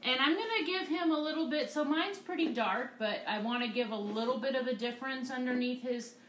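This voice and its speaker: Talking fairly quickly in a high voice, a woman art teacher walks through each stroke of a live painting demo in an art studio, upbeat and encouraging. The room is reverberant, with a little hiss or hum.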